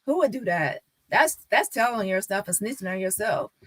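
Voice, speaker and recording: A woman's voice: mid-range voice, lively intonation, normal speed, slightly rough, no room sound. A woman on a live stream talking casually and insistently to her viewers, repeating her points.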